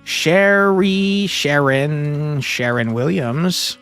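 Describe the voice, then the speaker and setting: An excitable man talks through a puzzle game with a fairly high voice. His pitch leaps around wildly, from low muttering to loud yelling. Faint music plays behind him. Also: normal speed. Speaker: gaming streamer. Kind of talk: let's play commentary.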